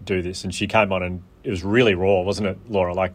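An Australian man with a lowish voice, talking as a guest on a chat podcast. He tells stories animatedly, with quick asides and chuckles. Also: flat delivery. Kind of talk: casual chat.

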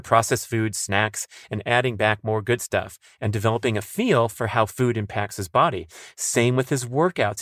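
A man's voice: mid-range voice, no echo, clean studio sound. A man hosting a podcast, reading listener questions in a casual, upbeat way. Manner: upbeat, animated asides. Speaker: podcast host.

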